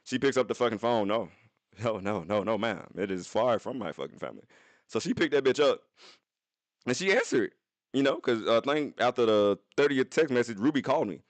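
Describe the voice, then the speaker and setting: A young man streaming from his phone, telling a profane story to his chat in an animated way, with sudden jumps into high voices. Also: a little fast, no room sound.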